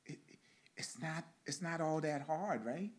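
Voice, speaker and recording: A male reverend giving a sermon with a guided meditation at a spiritual center, speaking in slow, rhythmic lines with repeated phrases. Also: a little high.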